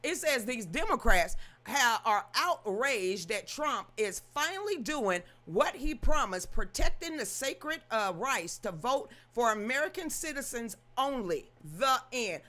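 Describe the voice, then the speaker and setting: A woman's voice: fairly high pitch, lively intonation, unhurried, few pauses, sharp tone. A woman hosting casual political commentary, sassy and exasperated, mocking the people she talks about.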